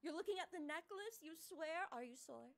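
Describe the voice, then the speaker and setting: A woman's voice: high-pitched, animated, a little fast, heavy background noise. A woman streamer talking to her chat, giggly, flirty and teasing.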